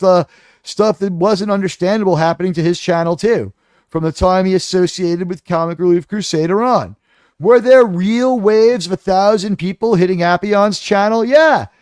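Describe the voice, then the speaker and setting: A male stream host with a high-pitched voice and a sarcastic, mocking way of telling stories. The sound is close and dry, with no room echo. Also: a little mellow. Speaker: livestream host. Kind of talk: live stream rant.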